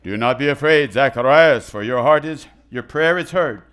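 Gabriel, a man doing a booming angel. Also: normal speed, clean tone, natural voice. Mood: proclaiming. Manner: loud, solemn proclamation. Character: booming male angel messenger of God.

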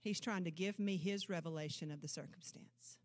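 At a moderate pace, a woman pastor preaches to a church service, moving between booming proclamations and low, intense asides. Emphatic declarations and rhetorical questions fill her sermon.

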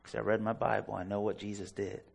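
A man's voice: fairly low pitch, little pitch movement, quick pace, gravelly, breathy edge. A man preaching a sermon, delivering it fervently and emphatically with personal stories. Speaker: pastor.

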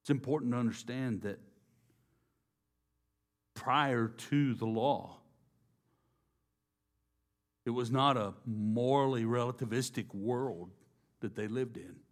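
Slow, deliberate male preacher. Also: mid-range voice. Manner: slow and deliberate, dropping to a hush on key phrases. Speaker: pastor. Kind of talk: sermon.

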